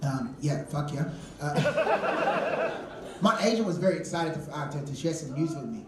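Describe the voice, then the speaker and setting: A man's voice: on the high side, big pitch swings, unhurried, distant mic. A man doing a live stand-up comedy set, telling crude, swearing stories with stammered restarts. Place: comedy club stage. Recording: roomy club sound from off-mic, with audience noise. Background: audience laughter.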